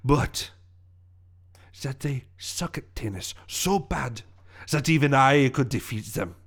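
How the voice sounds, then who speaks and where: A scheming French villain played by a man gloats through grandiose monologues in a put-on French accent. The voice sits in an ordinary middle pitch, and the scene is tabletop role-play. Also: lively intonation, slow pace, fairly bright tone, breathy edge, full character voice. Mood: gloating.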